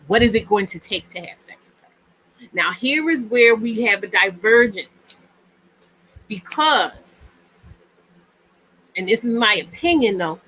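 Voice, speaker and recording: A woman's voice: medium pitch, animated, slow, pauses often, a bit bright, rough recording. A woman hosting a casual live-stream talk, speaking in a chatty, emphatic way and often repeating herself. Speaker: host.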